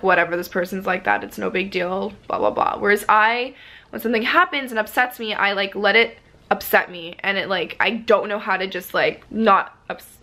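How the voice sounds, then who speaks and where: A woman's voice: mid-range voice, pushed and bright. A woman in her twenties, vlogging in a casual confessional way, rambling with lots of "like" fillers, earnest and emotional. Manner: earnest and open.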